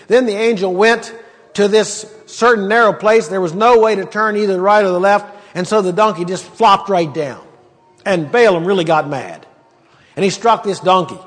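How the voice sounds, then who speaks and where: A man's voice: high voice, normal speed, fairly bright tone, long reverb tail. A man preaching a sermon and teaching from the Bible, talking conversationally and emphatically with rhetorical questions.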